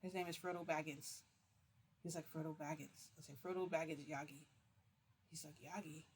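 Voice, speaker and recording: A woman's voice: deep voice, fairly even intonation, moderate pace, slight background noise. Rambling woman retelling a story. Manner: rambling, constantly quoting with "I'm like". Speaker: vlogger recounting a reality-shifting experience.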